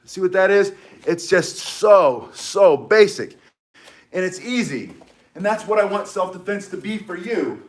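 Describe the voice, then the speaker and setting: A slightly hoarse man teaching self-defense to a live group, excitable and rambling as he demonstrates. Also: high voice, a little slow, slight background noise.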